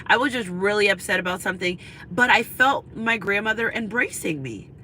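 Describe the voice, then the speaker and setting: Chatty woman tarot reader, bright voice. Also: mid-range voice, brisk, a little hiss or hum, poor audio. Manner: chatty, confiding, repeats "you know what I'm saying". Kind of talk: spiritual reading monologue. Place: in a car.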